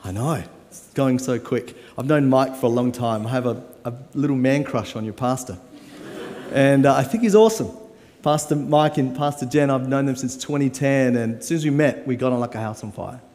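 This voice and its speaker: A guest pastor in his forties preaches a live sermon in a church auditorium, joking playfully and coaxing the congregation along. His medium-pitched, darkish voice moves briskly, carried by long hall reverb.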